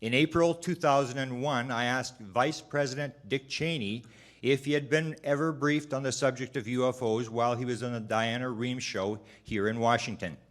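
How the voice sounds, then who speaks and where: A man delivering prepared testimony at a hearing. His reading is measured and formal. He trips over a word now and then and starts it again. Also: medium pitch, steady tone.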